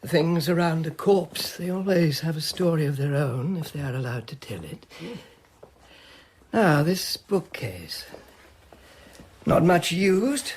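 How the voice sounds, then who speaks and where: An actor playing a shrewd, genteel private detective in a radio drama, mild, dry and unhurried. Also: male voice, on the high side, lively intonation, husky, full character voice. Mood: probing.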